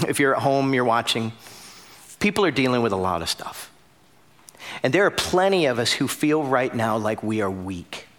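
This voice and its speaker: A young adult man preaching a sermon as pastor, telling a story with loud bursts and hushed drops. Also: mid-range voice.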